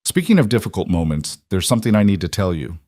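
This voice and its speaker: A man's voice: deep voice, quick pace, no room sound, studio quality. A man playing a solemn, weary frontier lawman. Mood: steady. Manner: steady and solemn. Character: weary, devoted former lawman and husband.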